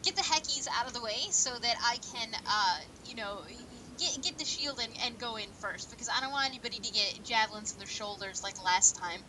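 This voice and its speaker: Eine Frau spielt beim Rollenspiel einen herrischen männlichen Fantasy-Krieger, stockend und locker gesprochen. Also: female voice, on the high side, pushed and bright, slight background noise, poor audio. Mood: bossy. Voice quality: casual, halting, with restarts. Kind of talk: tabletop role-play, in character.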